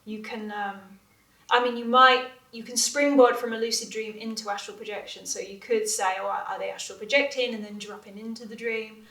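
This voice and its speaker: A woman talks through her experiences in an earnest, animated way, often restarting her sentences. Her voice sits a little high. She is heard from a distance in a room with a noticeable echo. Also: normal speed. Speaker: interview guest, astral projection teacher. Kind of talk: conversational interview. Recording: echoey room, distant from mic.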